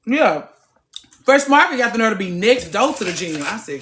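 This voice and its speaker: A woman in her late thirties, chatting casually to her viewers from the gym. She talks in an animated way, swings between loud and soft, and swears freely. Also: mid-range voice, normal speed, slight background noise. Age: late 30s. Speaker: vlogger. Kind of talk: casual chat to camera.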